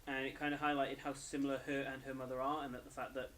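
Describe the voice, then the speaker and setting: Talking fast in a fairly bright, level voice of plain middle pitch, a young anime reviewer loosely goes over an episode. He sounds worn out, keeps yawning and often fixes his sentences partway, over slight background noise.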